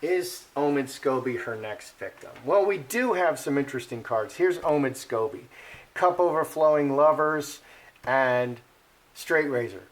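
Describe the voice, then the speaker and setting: A man's voice: fairly high pitch, animated, a little slow. Rambling man giving card-reading commentary. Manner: rambling, with frequent fillers and restarts. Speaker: card reader.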